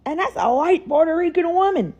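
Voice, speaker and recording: A woman's voice: very high voice, lively intonation, fairly quick, darkish tone, muffled recording. A woman asking incredulous questions in a social media commentary clip.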